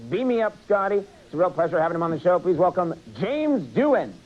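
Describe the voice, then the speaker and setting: A man hosting a late-night talk show, joking with a guest in quick, animated banter. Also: sits high. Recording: dull old TV broadcast with faint hiss.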